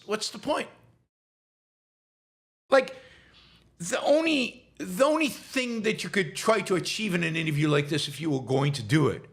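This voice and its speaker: A man's voice: on the high side, creaky, fairly bright tone. A man hosting a political commentary show, talking in a monologue full of stammered restarts and pointed rhetorical questions. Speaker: show host.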